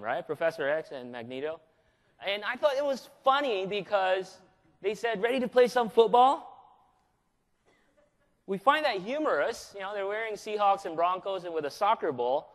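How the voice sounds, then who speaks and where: A man from the Philippines giving a live conference presentation, energetic and joking, often throwing questions at the audience. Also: high-pitched, normal speed. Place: large conference hall. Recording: long reverb of a large hall.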